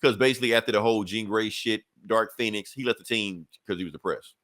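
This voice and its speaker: A man co-hosting a podcast who casually recaps a comic story, swearing often and slipping into quick voices for the characters. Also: on the low side, fairly bright tone. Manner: profane, laughing retelling with quick character asides. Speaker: podcast co-host.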